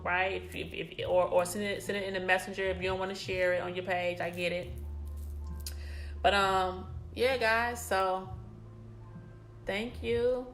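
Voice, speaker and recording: A woman hosting her own live broadcast, speaking to viewers in a casual, repetitive, affectionate way. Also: mid-range voice. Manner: warm, repetitive and affectionate toward viewers, lots of "y'all".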